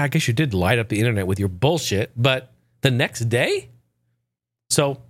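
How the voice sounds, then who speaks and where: A man's voice: medium pitch, fairly bright tone, no room sound. A man in his thirties or forties ranting sarcastically, swearing a lot and acting out other people's quotes. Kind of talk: profane ranting commentary.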